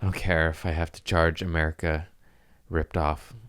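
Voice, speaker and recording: Man, very low voice, smooth and clear, rambling casual storytelling, swears a lot. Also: little pitch movement, moderate pace, a bit bright. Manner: rambling, profane, laughs at his own stories. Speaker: podcast host.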